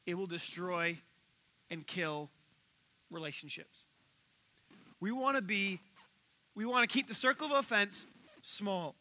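A male pastor delivers a sermon with a high, sharply bright voice. He retells stories animatedly, jumping into the voices of the people in them. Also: unhurried, long pauses, poor audio. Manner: animated storytelling, acting out quoted voices.

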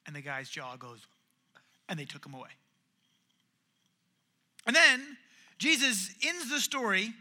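A young man preaching a sermon, telling a parable with lively storytelling and acting out the voices of its characters. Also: high-pitched, a little slow, pauses often. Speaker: pastor.

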